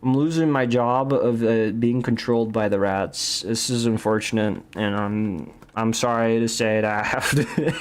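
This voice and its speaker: A man's voice: lowish voice, measured pace. A young man streaming while he draws, rambling in goofy casual chat, full of restarts and jokes. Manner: goofy, jokey, repeats and restarts, says dude a lot.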